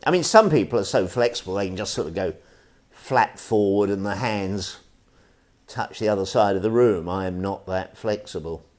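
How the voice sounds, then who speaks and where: A man leading an online tai chi stretching class, calm and gentle with wry asides. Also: lowish voice, moderate pace. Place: indoors at home, live stream.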